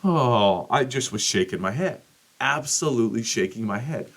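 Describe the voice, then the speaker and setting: A middle-aged man hosting a podcast, telling a rambling, profane story and acting out quotes with big jumps in pitch. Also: animated, moderate pace, gravelly, fairly bright tone. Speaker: podcast host. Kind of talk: casual monologue.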